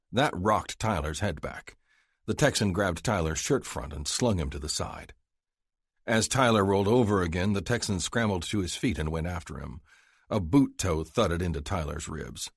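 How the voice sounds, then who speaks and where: Deep male narrator reading a western novel, measured, dry close sound. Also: slightly rough, no echo. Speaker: audiobook narrator. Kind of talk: scripted narration.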